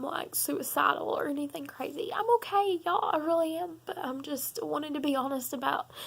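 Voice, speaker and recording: A young woman speaks straight to her viewers in a confessional vlog, her voice high and catching with gravelly fry. She is tearful and sobbing, and she stops often with ums and halting restarts. She keeps speaking earnestly through the tears. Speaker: vlogger.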